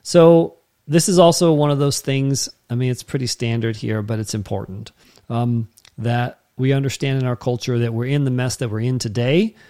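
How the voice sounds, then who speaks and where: A man's voice: medium pitch, fairly even intonation, moderate pace, mellow. A man preaching a sermon as pastor, in a conversational way that keeps checking in with the listeners.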